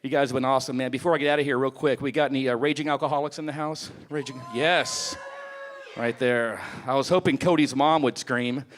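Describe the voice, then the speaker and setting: A man's voice: medium pitch, brisk, slight background noise. A man doing a stand-up comedy set on a club stage, telling crude stories with lots of swearing. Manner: profane, animated storytelling.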